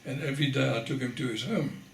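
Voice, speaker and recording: An older man from the Netherlands giving an oral history testimony, telling his story in a measured way and pausing for weight. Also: medium pitch, creaky, roomy sound, slight background noise. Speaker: interviewee.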